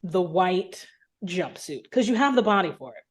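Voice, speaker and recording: A woman co-hosting a casual chat, teasing and lively. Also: lowish voice, husky. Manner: teasing, lively, quick to laugh. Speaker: podcast co-host.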